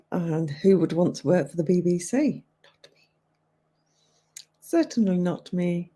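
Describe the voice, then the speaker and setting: A woman's voice: fairly low pitch, lively intonation, normal speed, long pauses, mellow, breathy edge. An English woman in her fifties hosting a livestream, chatting casually and answering viewers' comments aloud with frequent laughter. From England. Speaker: livestream host.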